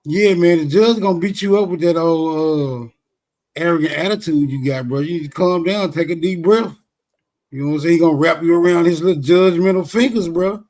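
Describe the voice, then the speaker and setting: Man, Southern drawl, slightly higher voice, loose and teasing, heavy slang on a call. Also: fairly quick, darkish tone. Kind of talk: casual online panel chat.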